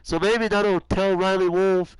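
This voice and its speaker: A young man calling wrestling play-by-play, animated and cursing freely, shouting at the big moments. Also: high voice, measured pace, clean tone, no room sound, low-quality recording. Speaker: commentator. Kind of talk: excited wrestling play-by-play commentary.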